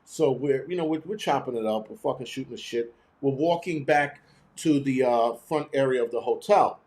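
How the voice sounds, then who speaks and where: A man hosting his own show, telling a story in a blunt, profane, animated way. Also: mid-range voice, normal speed. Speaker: host. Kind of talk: casual storytelling monologue.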